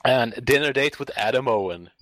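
A man's voice: mid-range voice, lively intonation, fairly quick, fairly bright tone, no echo. A young man co-hosting a casual podcast chat, crude and joking, often stammering. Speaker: podcast co-host.

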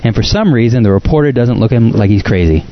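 A man's voice: mid-range voice, animated, fast talker. A man co-hosting a podcast, laughing often and slipping into quoted voices. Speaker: podcast co-host. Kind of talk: casual banter. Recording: dull lo-fi audio.

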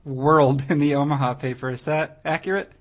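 A man's voice: on the high side, steady tone, normal speed, dull audio. A man hosting a podcast, chatting casually in a dry, teasing, rambling way. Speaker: podcast host.

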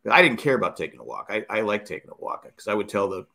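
A man's voice: fairly low pitch, sing-song, rapid-fire, creaky, few pauses, pushed and bright. A middle-aged man hosting a podcast in casual chat. He tells rambling stories and acts out quoted lines. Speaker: podcast host.

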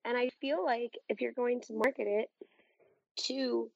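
Husky-voiced woman in her thirties. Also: fairly high pitch, steady tone, no room sound. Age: 30s. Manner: rambling, earnest, quick asides. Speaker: podcast co-host. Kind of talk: casual chat. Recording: dull, dry lo-fi podcast audio.

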